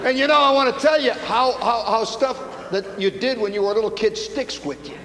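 A man telling a comic story live before an audience, animated and mimicking the people in it. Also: extremely high pitch, brisk, long reverb tail. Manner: animated, mimicking voices, building to punchlines.

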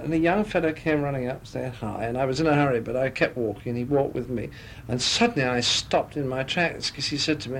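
A man's voice: on the high side, a little hiss or hum. A man talking as a guest in a radio interview, telling chatty anecdotes into a studio microphone.

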